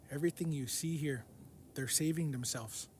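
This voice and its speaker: A man telling the story of a vivid dream in an unhurried, repetitive way, often going back over the same words. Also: a little high, darkish tone, a little hiss or hum. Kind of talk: recounting a dream.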